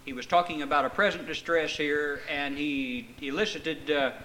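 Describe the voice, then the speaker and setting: A man's voice: a little high, fairly even intonation, moderate pace, pushed and bright, a little hiss or hum, rough recording. A middle-aged male preacher giving a conversational sermon to a congregation, with folksy asides and rhetorical questions. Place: church meeting before a congregation.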